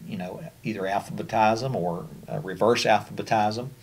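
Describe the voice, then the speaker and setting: Low-voiced Kentucky man giving a conversational training talk. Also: a little fast, husky. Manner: conversational, many fillers and restarts. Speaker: special education trainer. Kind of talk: training presentation over slides.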